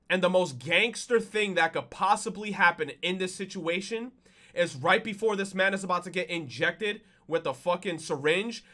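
A young man giving anime reaction commentary, excitable and swearing, with emotional outbursts. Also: high-pitched. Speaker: reaction streamer.

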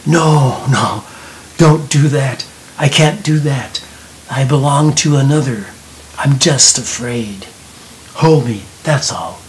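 A frightened young man , voiced by a male narrator, whispers shaky pleas for comfort. He speaks slowly and low, with a faint hiss in the background of this storybook reading. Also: close to an everyday voice, poor audio. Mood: pleading.

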